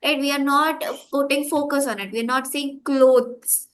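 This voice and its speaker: A woman's voice: sits high, a little fast, a bit bright, slight background noise. Woman explaining pronunciation, casual. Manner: explains patiently, with frequent "yeah" and "like". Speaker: guest. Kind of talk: casual conversation about pronunciation.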